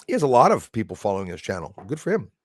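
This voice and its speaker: A man's voice: lowish voice, wildly swooping pitch, very fast, dry recording. A man hosting a livestream from a rural home, rambling and chatty as he reads viewer comments aloud. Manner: rambling, chatty, jumps between topics. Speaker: channel host.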